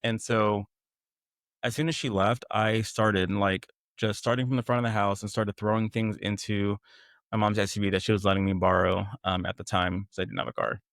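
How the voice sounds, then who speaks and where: A young man with a fairly low voice talks candidly about a difficult chapter of his life. He tells it in a casual, conversational way and slips into the voices of the people he quotes. The sound is close and dry. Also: level tone, normal speed, fairly bright tone, no echo. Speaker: guest. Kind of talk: candid personal storytelling.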